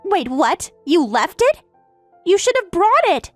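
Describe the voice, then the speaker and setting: A woman voicing an entitled young daughter who is about to marry, speaking in a shrill, indignant way. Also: sing-song, a little slow, no echo, soft background music, exaggerated voice.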